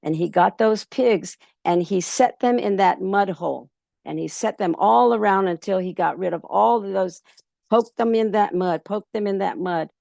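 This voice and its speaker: A woman storyteller at a festival workshop who tells a folk tale in an easy, rambling way, with many pauses. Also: medium pitch, creaky, dry recording, clean studio sound. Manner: relaxed, many ums and restarts.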